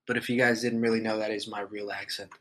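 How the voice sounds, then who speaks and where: A man's voice: fairly low pitch, level tone, quick pace, a bit bright, low-quality recording. A man hosting a podcast solo, talking in a laid-back, joking, profane way. He has just woken up and coughs now and then. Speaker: podcast host. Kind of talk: casual podcast monologue.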